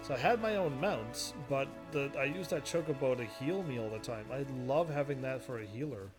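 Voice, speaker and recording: A man casually commentating while he plays a game, rambling and quick to laugh at it, with game music behind him. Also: mid-range voice, expressive. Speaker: gaming video host. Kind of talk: casual let's-play commentary.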